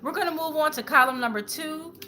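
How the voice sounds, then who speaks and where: A woman's voice: high voice, a little fast, sharp tone. A woman giving a live-streamed tarot reading, talking casually and with slang and swearing to her viewers in chat. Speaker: tarot reader. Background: faint background music.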